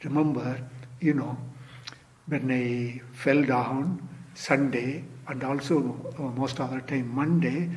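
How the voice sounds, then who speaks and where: Man, Zen teacher, dharma talk, slow deliberate pace, repeats "you see", trails to near-whisper. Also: mid-range voice, fairly even intonation, a little mellow. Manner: fills with "you see" and "sort of", repeats phrases; drops to near-whisper at phrase ends.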